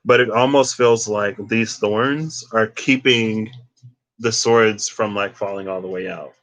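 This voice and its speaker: Low, bright-toned rambling tarot reader. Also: male voice, steady tone, a little slow. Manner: rambling, digressive, filler-heavy. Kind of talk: casual tarot reading vlog.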